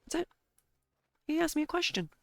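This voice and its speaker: A woman's voice: high-pitched, very animated, brisk, creaky, no echo. A woman streamer talking casually while she plays, blunt and sarcastic in her frustration. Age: adult, married. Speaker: gaming streamer.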